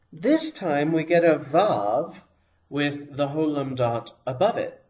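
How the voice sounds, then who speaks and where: A man teaching a language lesson, explaining each sound patiently and pronouncing examples slowly and carefully. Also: mid-range voice.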